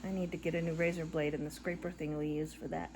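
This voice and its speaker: A middle-aged woman crocheting and chatting casually at home, rambling and tired, yawning between soft laughs. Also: sits low, level tone, fast, background noise. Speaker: crochet vlogger. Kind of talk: casual chat while crocheting. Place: living room at home. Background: faint background audio playing.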